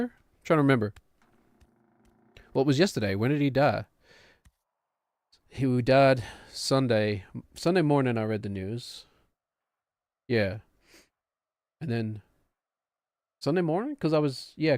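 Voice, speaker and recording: A man's voice: mid-range voice, darkish tone, no echo, clean studio sound. Rambling man streaming casually. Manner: rambling, self-deprecating, frequent fillers. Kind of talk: casual chat while gaming.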